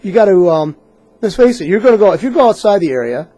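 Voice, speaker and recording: A man's voice: sits high, big pitch swings, fast talker, dark tone. A man on a casual radio talk show giving blunt opinions and repeating himself for emphasis.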